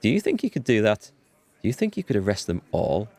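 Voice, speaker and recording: A man's voice: on the low side, wildly swooping pitch, brisk, gravelly, a little mellow, exaggerated voice. A man reading the lines of a sly, challenging woman in a gang in a game. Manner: cutting, challenging. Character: cool, sly female gang member.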